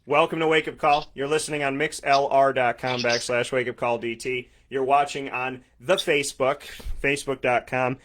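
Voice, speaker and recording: This sports radio host is a man in his thirties from Syracuse, New York, in upstate New York, running a morning sports talk show. His medium-pitched voice is steady and fairly bright, moving at a moderate pace. He's upbeat and effusive, repeating words for emphasis.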